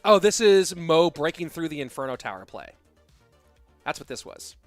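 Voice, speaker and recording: A man casting a live esports match, with excitable play-by-play and rambling asides. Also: fairly high pitch, moderate pace, soft background music. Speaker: esports caster. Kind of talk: live game commentary.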